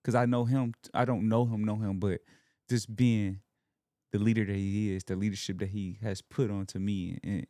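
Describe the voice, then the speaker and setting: A man's voice: on the low side, little pitch movement, normal speed, warm tone, dry recording, clean studio sound. A young man from Alabama, talking as a podcast guest in an earnest, emotional way about his faith and family. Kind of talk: casual heartfelt conversation.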